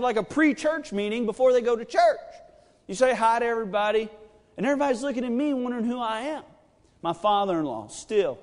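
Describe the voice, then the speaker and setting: A man preaching a midweek sermon, telling a joking personal story in a chatty, rambling way with lots of fillers. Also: sits high. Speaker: pastor. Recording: long reverb of a church hall.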